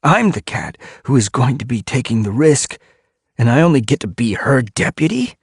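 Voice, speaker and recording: A man's voice: medium pitch, very animated, moderate pace, breathy edge, dry recording, clean studio sound, pitched above the performer's own voice. A man voicing a nervous young male warrior cat who stammers anxiously in an audiobook. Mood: resentful.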